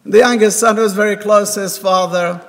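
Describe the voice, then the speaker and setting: A man's voice: high-pitched, fairly even intonation, normal speed. A man giving a sermon at a synagogue, telling a parable and voicing the characters' words himself. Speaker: rabbi giving a talk. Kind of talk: sermon with storytelling. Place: synagogue hall. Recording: reverberant hall.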